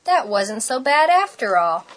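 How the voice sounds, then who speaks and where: A woman voicing an eager young boy cat in a storybook, excitable and full of enthusiasm. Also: a little high, measured pace. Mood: excited.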